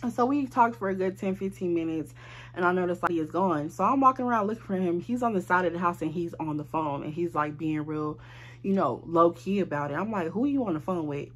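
A young woman, telling a storytime tale in a casual, animated, profane way. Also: lowish voice, brisk. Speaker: storyteller vlogger.

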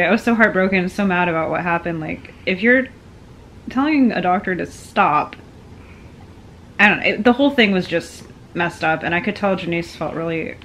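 A woman's voice: fairly low pitch, fairly bright tone, a little hiss or hum. A woman visiting her friend at home, chatting casually in a playful, teasing way. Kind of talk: casual chat.

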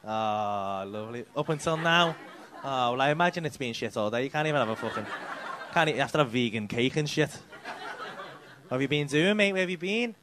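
A man's voice: mid-range voice, expressive, fairly quick. A male stand-up comedian doing crowd work, teasing people in the audience with sweary banter. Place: comedy club stage.

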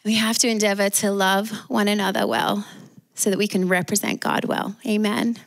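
A woman's voice: mid-range voice, little pitch movement, moderate pace, vocal fry. A woman with an Australian accent preaching a sermon as pastor, calling out for amens from the congregation. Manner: preaching with call-and-response amens.

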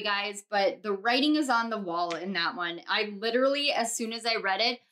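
A young woman giving a casual tarot reading to viewers, bubbly and gushing, often breaking into laughter and excited squeals. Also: on the high side. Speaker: tarot reader.

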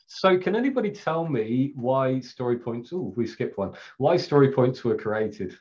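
A man's voice: mid-range voice, expressive, measured pace, darkish tone. Man, English accent, middle-aged, Scrum trainer, casual presenting, lots of ums, slightly muffled video-call sound. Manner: chatty, self-deprecating, laughs often, many fillers. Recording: slightly dull, lo-fi webcast audio.

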